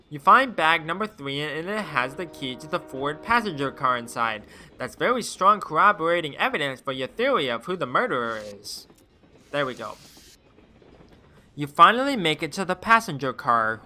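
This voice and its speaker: A streamer reading a game's narration aloud and tossing in wry, deadpan asides. His voice is a touch high and swings in a lively way. The tone is very bright and forceful.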